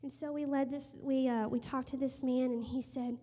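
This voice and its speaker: A woman in her thirties giving an earnest sermon testimony and prayer to a room, telling stories and dropping to a hushed voice for emphasis. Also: sits high, little pitch movement, normal speed. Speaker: speaker sharing a testimony. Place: room with a gathered audience. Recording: long hall reverb.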